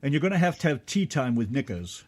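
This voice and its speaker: A man co-hosting a radio show in casual, rambling, animated chat. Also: medium pitch, fast. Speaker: radio co-host.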